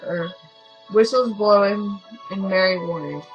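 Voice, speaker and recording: Woman, mid-pitch, casual let's-play reader who stumbles and self-corrects, faint music underneath. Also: unhurried, highs cut off. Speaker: gamer reading a story game aloud.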